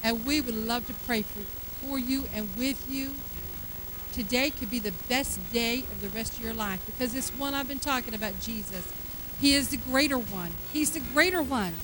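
A middle-aged woman pastor preaching a sermon, acting out everyday lines with animated energy, then turning to a hushed altar call. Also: fairly high pitch, moderate pace, background noise. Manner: soft, hushed invitation at the close.

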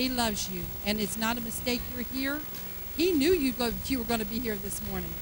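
A middle-aged woman pastor preaching a sermon, acting out everyday lines with animated energy, then turning to a hushed altar call. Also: on the high side, rough recording. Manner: soft, hushed invitation at the close.

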